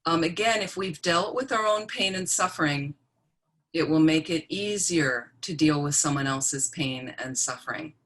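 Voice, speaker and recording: Low-voiced woman teaching plainly. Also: moderate pace, a bit bright. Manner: plain-spoken, checks in with "okay?". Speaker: Buddhist nun and teacher. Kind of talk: teaching talk on death and dying.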